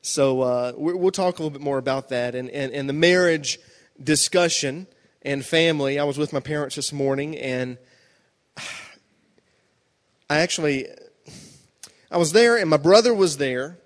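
A middle-aged man preaching a sermon with jokes, animated storytelling that acts out voices, speaking to a congregation in a large hall. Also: normal speed, pauses often. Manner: animated storytelling, acting out voices with big pitch jumps. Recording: live hall reverb.

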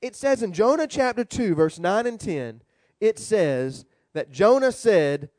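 High-voiced, animated man preaching. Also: unhurried, no echo. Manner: animated, humorous storytelling preaching. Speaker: rabbi. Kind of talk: sermon.

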